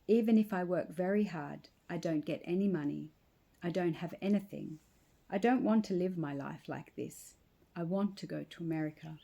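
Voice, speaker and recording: A woman's voice: lowish voice, moderate pace, creaky, dark tone. A woman voicing a young Greek village man, an earnest lovesick suitor who talks in a pleading, insistent way.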